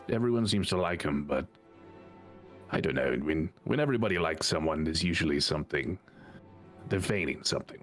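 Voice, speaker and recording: A man with a very deep voice that swings widely in pitch, playing in a tabletop game. He speaks politely but hesitantly and keeps restarting. Faint music plays behind. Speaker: player. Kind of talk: in-character tabletop play.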